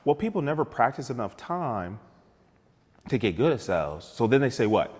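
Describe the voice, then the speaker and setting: A man's voice: mid-range voice, moderate pace, slightly rough, long reverb tail. A man talking as a guest sales coach on a talk show, telling stories with energy and acting out both sides of sales conversations. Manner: energetic, storytelling, acts out sales dialogues.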